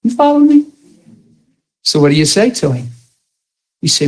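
A man's voice: high voice, moderate pace, rough recording. A man preaching a sermon, telling stories with acted-out quotes and laughing along with his audience. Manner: animated storytelling with acted quotes.

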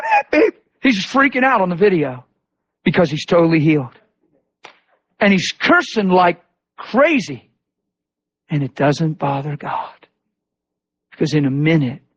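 A male preacher delivering a sermon, telling stories in a lively way and acting out the people he quotes. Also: on the high side, breathy edge. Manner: animated storytelling with voiced quotes. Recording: dull lo-fi recording.

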